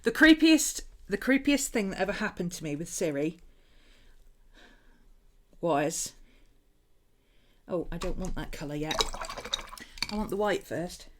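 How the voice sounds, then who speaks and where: A woman's voice: fairly low pitch, expressive, a little slow, long pauses, a little hiss or hum. A woman hosting a casual craft livestream at home, rambling chattily with frequent laughs and asides while she paints. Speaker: host.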